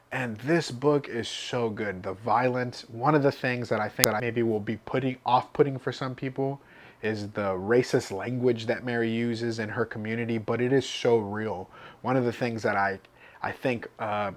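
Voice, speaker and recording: A man's voice: medium pitch, fairly bright tone. A man giving an enthusiastic, chatty book review as a vlogger.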